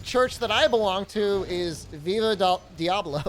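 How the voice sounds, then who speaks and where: A woman's voice: medium pitch, unhurried, slight background noise. A woman streaming a video game, chatting casually and jokingly as she answers her chat. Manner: jokey, answers chat aloud, lively. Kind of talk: casual live-stream chat while gaming.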